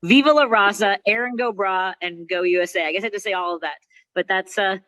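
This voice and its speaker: A middle-aged woman from Chicago, a comedian with a migraine, telling an animated, mock-outraged story over a video call. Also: mid-range voice, fast talker, no room sound. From Chicago, USA. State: suffering a migraine. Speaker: comedian and talk show host guest. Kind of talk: stand-up style ranting story.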